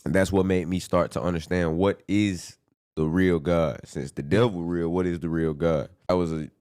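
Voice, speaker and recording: Man telling his testimony, very deep, dry close-miked, earnest and rambling. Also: steady tone, normal speed, a little mellow, clean tone, no room sound. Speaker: podcast guest giving testimony. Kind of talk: casual conversation.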